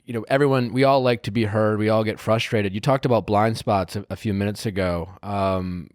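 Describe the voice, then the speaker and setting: A man's voice: on the low side, steady tone, brisk, no room sound, studio quality. A man hosting a podcast, asking thoughtful questions in a hesitant way, with many restarts. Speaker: podcast host. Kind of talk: casual interview questions.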